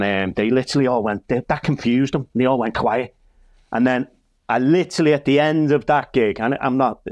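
A man with a broad Liverpool accent spins a story in a chatty, animated way, tossing in asides as he goes. His voice sits at an ordinary middle pitch. It is recorded close and dry, with no room sound around him. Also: dry recording. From Liverpool, England. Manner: lively anecdotal telling, with frequent asides. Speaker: comedian and church minister. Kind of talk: casual storytelling in a panel chat.

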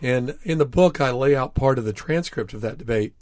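A man telling stories as a guest in an interview, earnest and full of fillers, slowing down for emphasis. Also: medium pitch, a little mellow, no room sound, clean studio sound. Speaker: author and guest. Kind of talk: storytelling in an interview. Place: studio.

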